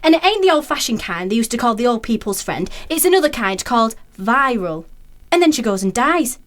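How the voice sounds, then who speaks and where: A woman's voice: fairly high pitch, big pitch swings, brisk. A woman playing a nosy, blunt neighbour in an amateur radio play. She talks in a chatty rush, piling up detail after detail. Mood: gossiping. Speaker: gossiping neighbour.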